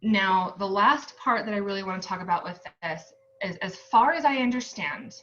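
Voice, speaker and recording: A woman's voice: mid-range voice, moderate pace, sharp tone, highs cut off. A young American woman giving a casual recorded lecture as a nursing student tutor, chatty and upbeat with lots of ums.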